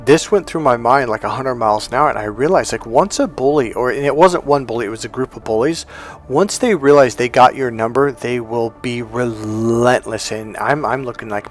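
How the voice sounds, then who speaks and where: Over soft background music, a man speaking at normal speed tells a personal story as motivation; he works as a relationship coach and hypnotherapist. He animates the quoted dialogue, lifting his pitch high for each line.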